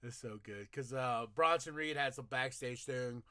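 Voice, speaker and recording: In a home room, a podcast host casually recaps a wrestling show, laughing and energetically acting out the wrestlers' lines. His mid-range voice is sharp at normal speed, recorded in studio quality with no echo.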